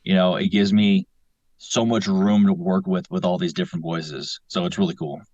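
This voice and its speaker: A man's voice: sits low, fairly even intonation, moderate pace, a little mellow. A man in his thirties, a voice actor guest, chatting in an easygoing way. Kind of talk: casual chat. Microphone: phone app. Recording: dull, dry phone-app sound.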